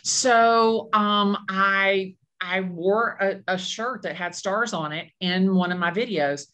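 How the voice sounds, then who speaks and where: A woman's voice: mid-range voice, slow pace. A woman in her fifties, a real estate agent, chatting in an interview and acting out the people she quotes. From Atlanta, Georgia. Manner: animated storyteller acting out quotes. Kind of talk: casual interview chat.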